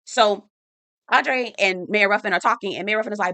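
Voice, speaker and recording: A woman chatting through a casual TV episode recap, animated and slangy with sassy asides. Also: medium pitch, fairly quick, no room sound. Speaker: TV recap host.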